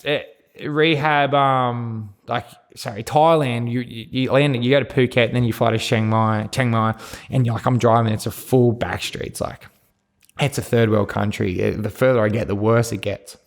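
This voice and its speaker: A man's voice: mid-range voice, steady tone, normal speed. A man with an Australian accent, a podcast guest telling his own story in a frank, rambling way, swearing and restarting sentences. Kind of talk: candid personal storytelling interview.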